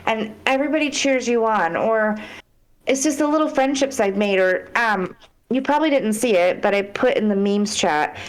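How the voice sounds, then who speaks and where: A woman's voice: fairly high pitch, normal speed. A woman guest on a podcast, talking in a heartfelt, rambling way in casual interview chat.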